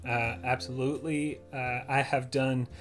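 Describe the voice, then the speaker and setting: A Californian man with a General American accent, an actor and voiceover artist talking in a lively, casual way, full of "you know" fillers. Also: mid-range voice, a little slow, soft background music. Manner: animated, chatty, many "you know" fillers. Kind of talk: casual podcast chat.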